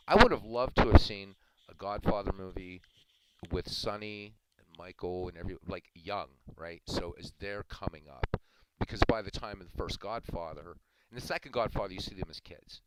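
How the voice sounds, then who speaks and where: A deep, low-pitched man rambles casually as a stream host, chuckling now and then and repeating phrases. Loud noise runs steadily beneath his voice. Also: normal speed. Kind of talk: casual chat.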